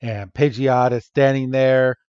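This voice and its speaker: A man's voice: mid-range voice, steady tone, a little slow, smooth, dry recording, highs cut off. A man hosting a podcast, playfully recapping an episode and acting out the characters' lines. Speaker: podcast host.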